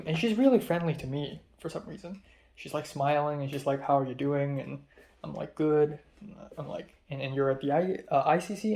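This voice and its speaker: A man's voice: fairly high pitch, darkish tone. A young man and native Cantonese speaker casually telling a rambling story as a vlogger, with frequent ums and restarts. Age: young adult.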